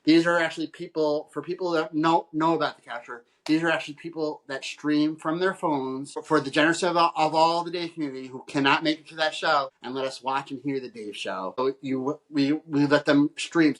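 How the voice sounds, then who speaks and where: A man's voice: fairly high pitch, fairly bright tone, low-quality recording. A man on a podcast as a guest, chatting casually and rambling through stories, putting on voices for the people he quotes. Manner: rambling storyteller who acts out quoted people. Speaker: photographer. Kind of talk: casual chat.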